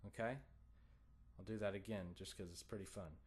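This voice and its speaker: A man's voice: fairly low pitch, steady tone, a little fast, long pauses, a bit bright. A man gives a guitar lesson in a patient, encouraging way. He counts in the student and sings strum rhythms as plain syllables, stressing some beats. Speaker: guitar teacher.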